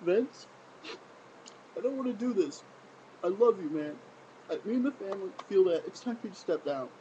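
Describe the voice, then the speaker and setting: A man's voice: sits high, expressive, normal speed, mellow, pitched above the performer's own voice. A choked-up, pleading wrestler boss , as a man mocks him, sounds tender and sentimental in a raised voice. The recording is slightly muffled, with a faint hiss underneath. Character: tearful grown male wrestler boss pleading with his chief.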